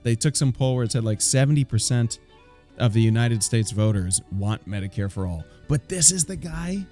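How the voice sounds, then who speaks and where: A man's voice: mid-range voice, animated, moderate pace, warm tone, faint music behind. A man live-streaming a reaction, incredulous, laughing often and swearing.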